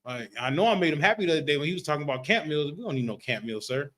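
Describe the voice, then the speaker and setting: Guy running a church history class, kinda high voice, rambling and checking in a lot. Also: lively intonation, very fast, a bit bright. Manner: loose, repetitive, keeps asking "you know what I'm talking about". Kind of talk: casual religious class discussion.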